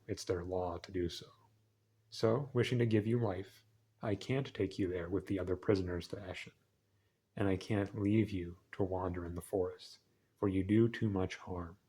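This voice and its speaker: Guy doing a slow grave alien forest chief, low and measured, storybook reading. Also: mellow. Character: calm solemn male alien forest leader. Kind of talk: reading a novel aloud.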